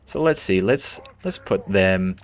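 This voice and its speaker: A man giving calm, explanatory gameplay commentary as a tutorial host, often repeating a word as he thinks aloud. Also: low-pitched, unhurried, slight background noise.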